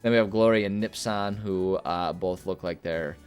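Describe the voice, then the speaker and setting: A man's voice: sits low, normal speed, smooth, soft background music. A man hosting a gameplay video, chatting casually and rambling with many fillers. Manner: rambling, filler-heavy, relaxed. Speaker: gaming video host.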